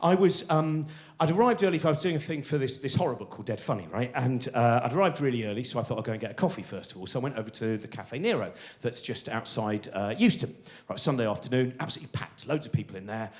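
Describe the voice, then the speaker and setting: A man's voice: mid-range voice, animated, fast talker. Rambling self-mocking stand-up man. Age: 40s. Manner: rambling, self-deprecating, lots of restarts and asides. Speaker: stand-up comedian. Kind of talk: stand-up storytelling.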